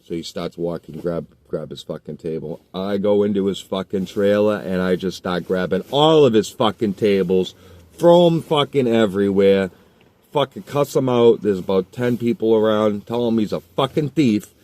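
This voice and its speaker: A man with a lowish, dark and mellow voice recounts a confrontation in loose, casual talk. He swears in nearly every sentence and rambles, circling back with fillers and restarts. The telling runs heated and profane throughout. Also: moderate pace. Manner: heated, heavily profane storytelling. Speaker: storyteller. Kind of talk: casual spoken anecdote.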